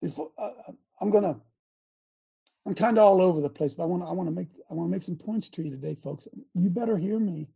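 This talk show host delivers a preachy, rambling rant, swinging between loud outbursts and low asides and often restarting his sentences. He speaks quickly, his voice creaky with a breathy edge.

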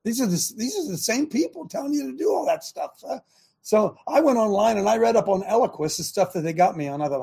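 Gravelly older man ranting on talk radio. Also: high voice, lively intonation, a little fast, mellow. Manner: emphatic, repeats himself, laughs incredulously. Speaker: host.

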